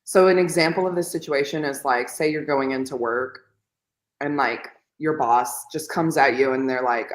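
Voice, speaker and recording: A woman with a rumbling low voice speaks at normal speed as a podcast co-host on a casual reading livestream. She's chatty and rambling and often quotes people in put-on voices, heard over a laggy video call from an echoey room.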